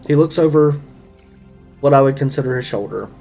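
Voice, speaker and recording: A man running a tabletop game as game master, narrating scenes in a slow, dramatic way. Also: mid-range voice, creaky, dark tone, faint music behind.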